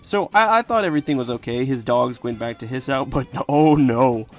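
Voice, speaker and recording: A teenage boy excitedly telling a profane personal story in casual speech. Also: mid-range voice, moderate pace, soft background music. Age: teens. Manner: profane, animated, excitable retelling.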